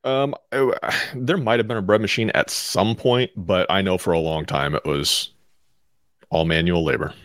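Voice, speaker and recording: A man's voice: low-pitched, normal speed, a bit bright, no room sound. A man co-hosting a money podcast, chatting casually and giving short, dry answers. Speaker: co-host, financial adviser. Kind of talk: casual banter on a money show.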